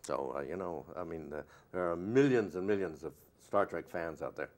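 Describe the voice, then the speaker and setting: A man's voice: low-pitched, moderate pace, darkish tone. Older man telling rambling anecdotes. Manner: rambling and anecdotal, many fillers. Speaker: actor interviewed as a guest. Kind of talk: casual interview chat.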